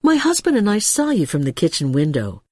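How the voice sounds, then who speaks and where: A woman's voice: fairly low pitch, wildly swooping pitch, brisk, darkish tone, no echo, studio quality. A woman voicing a flustered, kind woman who babbles nervously. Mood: babbling. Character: flustered middle-aged woman, chatty and kind.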